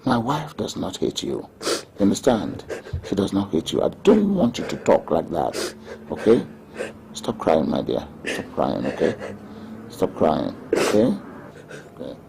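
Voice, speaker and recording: An actor playing a gentle, patient king who speaks in a soothing, coaxing way. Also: deep voice, sing-song, unhurried, creaky, pauses often, slight background noise, exaggerated voice.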